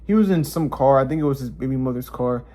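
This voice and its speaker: A man vlogging casually, telling a personal story and acting out the quotes in higher voices. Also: fast, crowd noise.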